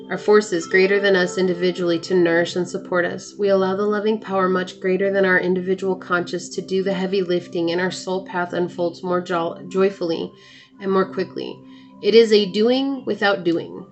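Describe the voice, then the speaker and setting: A woman giving a tarot reading to her viewers, reading card texts aloud and offering gentle, encouraging advice. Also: lowish voice, fairly even intonation, normal speed, dull audio, soft background music. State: hiccuping. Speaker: tarot reader.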